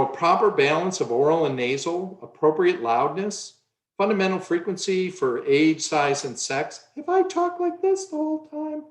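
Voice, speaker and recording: A man's voice: a little high, echoey room. A man giving a conference lecture on the voice, now and then changing his own voice to show a point.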